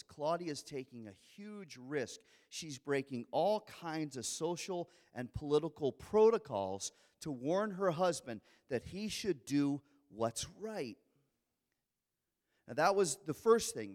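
A man preaching with a fairly high voice that rings out through a big hall with a long echo. He tells the story dramatically and acts out the lines of its characters. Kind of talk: sermon. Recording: long reverb of a large hall.

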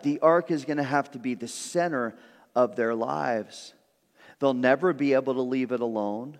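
A man preaching a sermon as pastor, earnest and animated, often repeating a word as he starts a thought. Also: medium pitch. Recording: long reverb of a large room.

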